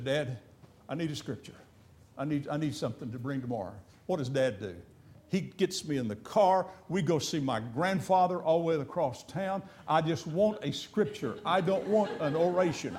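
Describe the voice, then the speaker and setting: An older man delivers a sermon in a notably high voice. He repeats phrases fervently, climbing to emphatic peaks before dropping to a low, quiet storytelling tone. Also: slight background noise. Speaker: preacher.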